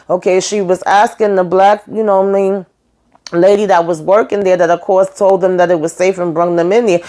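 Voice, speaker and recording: A woman's voice: mid-range voice, darkish tone. A woman reviewing a TV episode, retelling the plot in a sassy, emphatic, slangy way and tagging her lines with "okay?" and "baby". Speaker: TV show reviewer. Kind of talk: casual episode recap.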